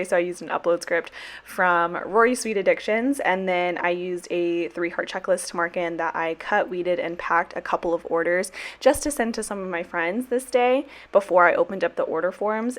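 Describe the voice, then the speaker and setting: A young woman giving a casual, chatty voiceover about her planner, bubbly and rambling, with slang and the odd swear word. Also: lowish voice. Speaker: planner vlogger and sticker shop owner.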